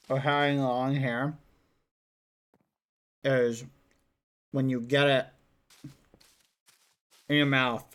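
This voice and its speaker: A man streaming casually, chatting to viewers while coaxing his dog. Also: mid-range voice. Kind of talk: casual livestream chat.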